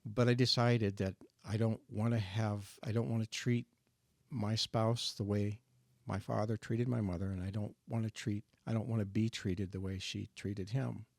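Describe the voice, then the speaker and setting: An older man in his sixties shares his personal testimony in a faith discussion, earnest and reflective, halting now and then to restart a thought. His low voice carries a gravelly edge. The recording is dry and close, with little room sound. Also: steady tone, darkish tone, no echo. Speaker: guest sharing his testimony.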